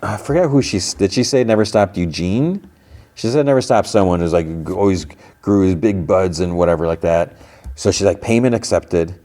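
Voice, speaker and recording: A man's voice: low-pitched, brisk, dark tone. A man hosting a podcast, casually recapping a TV episode and retelling the characters' lines with plenty of fillers and restarts. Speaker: podcast host.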